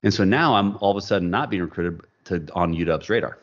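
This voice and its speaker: The highs are cut off on this low-pitched man's voice, which moves at a quick pace. An animated storyteller, he shares a personal story as a podcast guest in a casual interview, acting out quoted dialogue.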